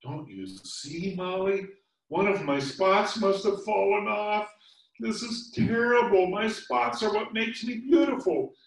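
A man voicing a young female ladybug, anxious and vain, in a high, fretful, pleading voice. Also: animated, slow pace, recorded from a distance. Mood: distraught. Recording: echoey room, voice set back from mic.

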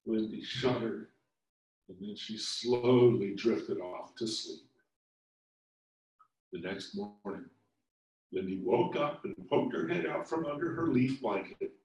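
Slow, gentle male storyteller. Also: on the low side, distant mic. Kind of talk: children's story reading. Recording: echoey room, voice set back from mic.

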